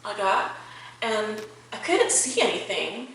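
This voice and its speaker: A woman's voice: mid-range voice, big pitch swings, slow pace, fairly bright tone. A woman vlogger telling a storytime vlog in a chatty way, full of fillers. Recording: echoey room, distant mic, faint music.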